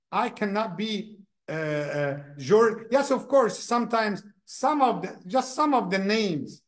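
An imam giving a lesson at a mosque. He talks in a lively way, often repeats words, and acts out the people he describes. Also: very high-pitched.

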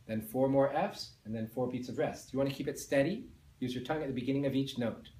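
Male band teacher, mid pitch, calm and step-by-step, roomy echo. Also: quick pace. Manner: explains step by step, counts and sings along. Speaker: music teacher. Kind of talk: patient beginner instrument lesson.

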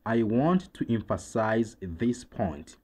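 Rwandan-accented male teacher, low and mellow, deliberate repeat-after-me delivery. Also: animated, slightly rough. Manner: very slow, deliberate, repeats each word twice. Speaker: English teacher. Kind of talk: slow vocabulary drill with translations.

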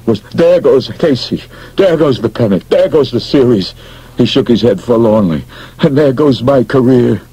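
A man voicing a loud, excitable baseball manager who talks in a brash, gushing way, in an audiobook. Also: medium pitch, normal speed, husky, dry recording, voice pushed up, poor audio. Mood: anguished. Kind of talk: audiobook character voice.

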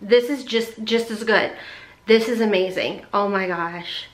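A woman chatting excitedly through a beauty box unboxing, gushing and addressing viewers as y'all. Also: medium pitch, a little slow, reverberant. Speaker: beauty vlogger. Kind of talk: casual unboxing chat.

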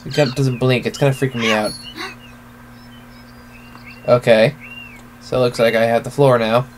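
A man's voice: medium pitch, fairly even intonation, moderate pace, slight background noise. A man hosting a let's play at home, reclining in his chair and giving casual, laid-back commentary with frequent swearing as he thinks aloud.

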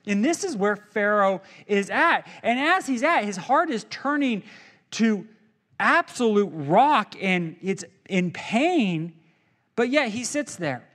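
A male pastor preaching a sermon in a church, animated and jokey, acting out quotes as he goes. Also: high-pitched.

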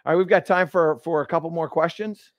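A man hosting a live golf lesson, explaining each move step by step with energetic restarts in an indoor golf studio. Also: fairly high pitch, brisk, no room sound, muffled recording. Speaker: golf instructor and show host. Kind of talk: live instructional demonstration.

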